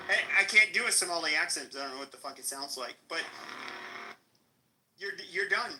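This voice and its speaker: A man's voice: on the high side, animated, brisk, pauses often, noisy background. A man with an American accent hosting a live podcast stream, taunting and cursing at a rival in a heated rant. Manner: aggressive, taunting, profane. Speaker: podcast host.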